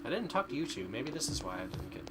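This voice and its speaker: This VTuber's casual gaming chat is rambling and full of verbal stumbles. He talks quickly in a mid-range voice with big pitch swings, and there's background noise.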